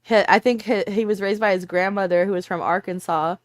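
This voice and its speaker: A woman co-hosting a casual chat, telling animated stories and laughing often. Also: medium pitch, fairly quick, no room sound, clean studio sound. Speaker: podcast co-host. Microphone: remote call mic.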